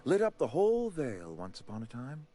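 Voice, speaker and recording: A man voicing a pompous male company town administrator in a video game, talking in a formal, ornate and smoothly persuasive way. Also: medium pitch, huge pitch swings, fairly quick, warm tone, faint music behind.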